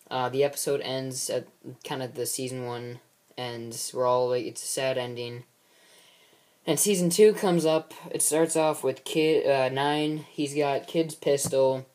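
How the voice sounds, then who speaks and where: Guy rambling thru a plot recap, lots of ums and uhs, mid pitch. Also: a little mellow. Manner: rambling, with many ums and restarts. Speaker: amateur film maker recapping his series. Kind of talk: casual recap of a story.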